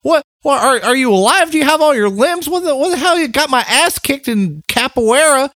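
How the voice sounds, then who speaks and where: A man's voice: extremely high pitch, expressive, no echo, studio quality, voice pushed up. A man voicing a frantic, angry young man on the phone, stammering and firing off questions. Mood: frantic, exasperated. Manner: shouting, stammering, rapid-fire questions.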